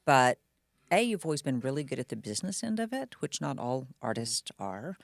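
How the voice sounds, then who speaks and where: A woman co-hosting a casual podcast, playful and gushing, with a gravelly edge to her voice. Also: rumbling low, very animated, normal speed, dry recording, studio quality. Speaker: podcast co-host.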